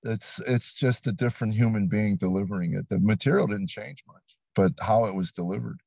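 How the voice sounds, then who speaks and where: An older man, a comedian, telling stories in an interview, animated and acting out quotes. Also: lowish voice, brisk, gravelly, dry recording. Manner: animated storyteller, acts out quotes. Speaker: comedian guest. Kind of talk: storytelling interview. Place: studio set.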